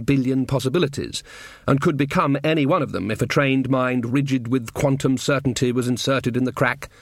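A man narrates a comic fantasy book with a wry, deadpan touch. His voice sits in a middle range, and the recording is close and dry with no room sound. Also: mid-range voice, dry recording. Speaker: audiobook narrator. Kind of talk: scripted narration.

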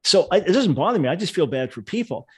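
A man's voice: high-pitched, big pitch swings, quick pace, a little mellow, slightly rough. An older man, a Bible scholar, explaining his view earnestly in a casual livestream discussion.

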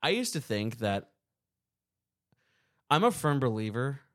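Relaxed young man in blunt banter. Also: mid-range voice, a little slow. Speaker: podcast co-host. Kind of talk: casual chat.

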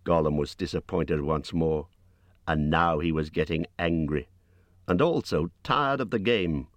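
Deep-voiced male audiobook narrator. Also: a little slow, no echo. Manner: expressive reading, rising high for character lines. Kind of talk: scripted narration.

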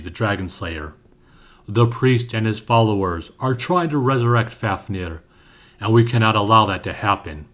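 A man voicing a huge, brutal male frost troll who speaks slowly with a booming voice. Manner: booming and slow.

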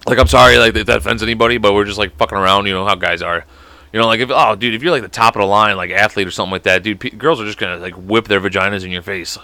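A man's voice: fairly low pitch, steady tone, sharp tone, no room sound. A young man hosting a podcast, rambling in casual chat, swearing often and breaking into laughter. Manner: profane, rambling, quick laughs. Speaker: podcast host.

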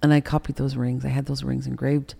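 A woman's voice: a bass voice, little pitch movement, brisk, creaky, warm tone. A woman in her sixties, an interview guest telling a candid personal story, acting out past conversations and often sinking to a whisper. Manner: reenacts conversations, dropping into whispers.

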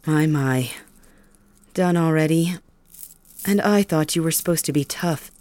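A woman's voice: deep voice, a little slow, no echo. Woman playing cold cruel young king Todoroki. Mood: coldly cruel. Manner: calm, mocking, menacing. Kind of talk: ASMR audio role-play.

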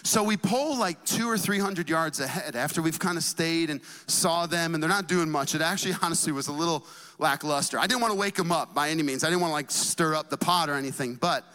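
A man preaching a sermon as a pastor, talking to the congregation in an energetic, conversational way with casual asides. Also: fairly high pitch, in a large hall.

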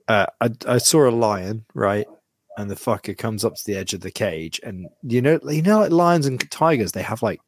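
A man co-hosting a podcast in casual chat, swearing freely and telling animated anecdotes. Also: on the low side, husky, dry recording. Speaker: podcast co-host.

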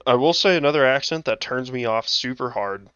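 A man's voice: medium pitch, fairly quick, a bit bright, clean tone, no echo, muffled recording. A man co-hosting a casual podcast chat, telling stories with lots of laughter and acting out his own reactions. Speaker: podcast co-host.

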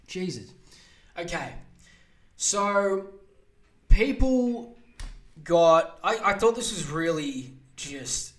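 High-voiced man ranting profanely. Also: lively intonation, drawn-out words, pauses often. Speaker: podcast host. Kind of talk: solo podcast rant.

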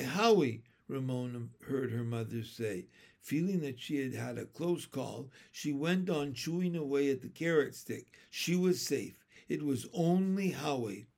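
A man's voice: medium pitch, gravelly. Man reading a children's story. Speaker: narrator. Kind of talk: audiobook narration.

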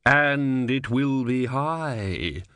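A man voicing a vast, stately female sea goddess in a slow, cold, measured way. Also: medium pitch, lively intonation, sharp tone, smooth, dry recording, heavily acted. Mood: cold, haughty.

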